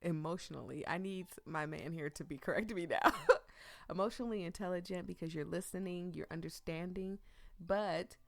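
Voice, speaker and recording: Recorded in a clean studio with no room sound, a female streamer with a lowish voice and noticeable vocal fry comments at a moderate pace on the visual novel she's playing. Her let's play talk is casual, chatty and ranty, and she frequently answers herself.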